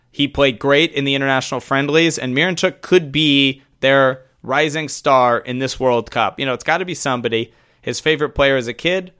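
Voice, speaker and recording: A man co-hosts a podcast from a remote call and keeps up loose, joking banter. His voice is smooth and resonant, at an ordinary middle pitch. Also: a bit bright. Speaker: podcast co-host. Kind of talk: casual chat.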